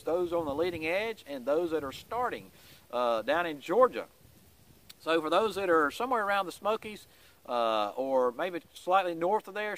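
A man's voice: fairly high pitch, a bit bright. A man giving a casual weekly vlog update in a folksy, rambling way, with many "uh" fillers.

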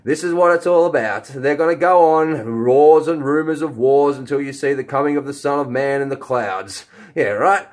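A man's voice: medium pitch, moderate pace, hardly any pauses. A man rambling through a vlog monologue, swearing often and firing rhetorical questions at himself. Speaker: video blogger.

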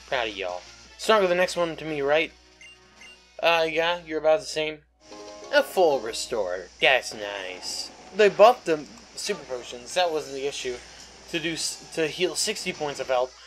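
A man's voice: fairly high pitch, a bit bright, poor audio. Chatty man commenting on his gameplay. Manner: chatty and jokey, swears freely. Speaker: let's play host.

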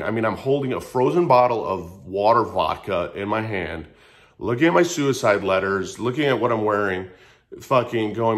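A man's voice: lowish voice, lively intonation, brisk. A man in his thirties telling a raw personal story in a casual, earnest way, swearing freely and repeating phrases. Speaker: vlogger sharing his story.

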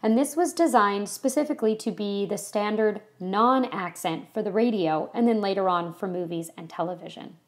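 A woman's voice: medium pitch, normal speed, hardly any pauses. A woman from California giving a casual history lecture to a class, chatty and full of ums and you-knows. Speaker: history teacher.

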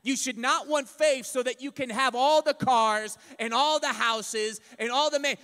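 High-voiced preacher in an echoing hall. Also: male voice, unhurried, few pauses. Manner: emphatic, rising to shouts. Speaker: pastor. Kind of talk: sermon. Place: church sanctuary. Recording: long reverb of a church hall.

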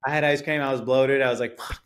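A man guest on a podcast, telling a story in a casual, animated way, swearing and acting out what people said. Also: medium pitch, quick pace. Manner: animated storyteller, acts out quotes, swears, laughs. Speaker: realtor guest.

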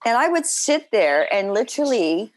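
A woman actor chatting as a podcast guest, telling stories in an animated way with laughing asides. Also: fairly high pitch, normal speed, heavy background noise. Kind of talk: casual interview chat.

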